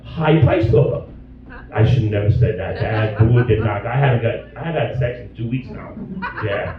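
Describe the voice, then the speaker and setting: A man in his fifties doing a crude, rambling stand-up set and bursting into loud exasperated rants. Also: medium pitch, sing-song, fairly quick. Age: 50s. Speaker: stand-up comedian. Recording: distant, dull audio in an echoey club.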